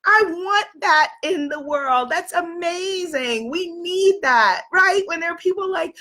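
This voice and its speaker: A woman in her fifties from New York City, losing her voice, giving an emphatic motivational talk as a life coach, repeating affirmations and at times shouting. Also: extremely high pitch, unhurried. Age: 50s.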